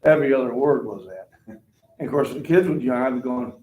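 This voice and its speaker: A man in his forties hosting a relaxed, talkative gym chat, reading comments aloud. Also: mid-range voice, fairly quick, rough recording. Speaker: host. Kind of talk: casual chat on a livestream.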